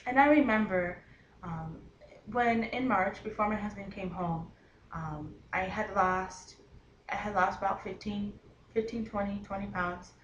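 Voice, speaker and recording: Woman, twenties, mid-pitched, heartfelt halting testimony; roomy recording. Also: dull audio. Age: 20s. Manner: earnest, halting with many ums and restarts. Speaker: testimonial speaker. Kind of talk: personal testimony. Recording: roomy with faint background hiss.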